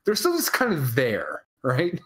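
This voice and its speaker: Co-host voice, loose and rambling, very lively pitch, salty language, remote call mic. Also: unhurried. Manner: rambling and animated, swears freely. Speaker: podcast co-host. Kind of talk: casual live chat.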